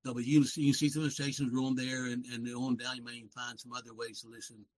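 A man's voice: mid-range voice, level tone, quick pace, poor audio. An older man in his seventies with a Southern accent, talking as a guest on a radio program. He rambles in a folksy way and often corrects himself. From West Virginia. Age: 70s. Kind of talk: casual talk show conversation.

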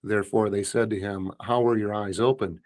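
Man reading scripture slowly. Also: on the low side, fairly even intonation, a little mellow. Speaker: host. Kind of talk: scripture reading and casual hosting.

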